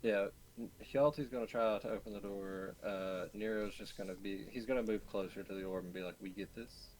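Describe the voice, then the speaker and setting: A man's voice: lowish voice, steady tone, brisk, a little mellow, slight background noise, poor audio. A man playing a tabletop game, talking loosely and hesitantly with casual swearing. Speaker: player.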